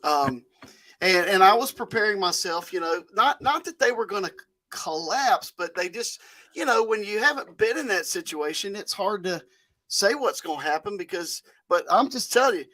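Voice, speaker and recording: A man co-hosting a casual sports podcast, animated and jokey, getting excited about the games. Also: high-pitched, normal speed. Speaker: podcast co-host.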